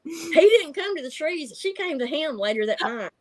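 A woman's voice: high voice, sing-song, normal speed. A middle-aged woman, telling stories in casual chat, laughing often and acting out voices. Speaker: guest telling encounter stories.

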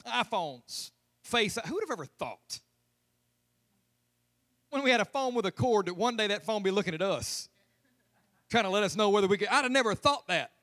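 A man's voice: sits high, lively intonation, moderate pace, long pauses, sharp tone. A man preaching a humorous, conversational sermon as pastor in a church. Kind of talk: lively sermon. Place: church sanctuary.

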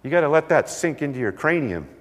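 A man preaching a sermon, telling stories with lively delivery and acting out the voices of the people in them. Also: fairly high pitch, fast. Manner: animated storytelling, acts out voices. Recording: long hall reverb.

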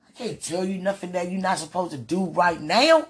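A woman's voice: on the low side, expressive, brisk, breathy edge. A woman, praying aloud in a fervent, pleading, rambling way and laughing between phrases. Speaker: religious speaker. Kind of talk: emotional spoken prayer.

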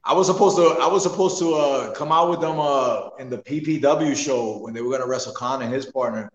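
A man's voice: medium pitch, brisk, lo-fi sound. A man, a wrestler, chatting casually on a podcast and telling stories animatedly, laughing often. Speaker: wrestler guest. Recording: echoey room with long reverb.

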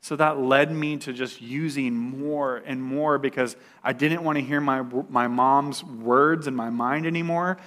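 His voice sits in the middle range, fairly even in intonation, a touch bright, and a little slow with few pauses. He recounts a personal testimony in relaxed storytelling, full of fillers, restarts, and the odd self-directed laugh.

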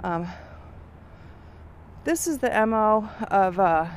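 A woman's voice: medium pitch, expressive, slow, a little hiss or hum. A middle-aged woman thinking aloud with many fillers while on a walk outdoors, a little out of breath. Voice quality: weak lungs from years of smoking. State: out of breath from walking uphill. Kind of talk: casual walking vlog monologue.

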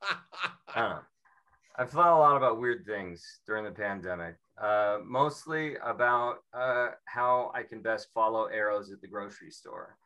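A man from Seattle doing a rambling, self-mocking stand-up set, slipping into quick mimicry of people. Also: lowish voice, expressive, pushed and bright. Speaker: stand-up comedian.

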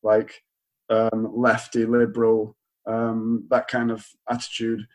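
A man's voice: fairly low pitch, completely flat delivery, slow, darkish tone, poor audio. A man in his late twenties with a Greater Manchester accent, telling a rambling story in casual chat and acting out what people said. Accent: Northern English, Greater Manchester. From England. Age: 20s. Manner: rambling storyteller, acts out quotes. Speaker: stand-up comedian.

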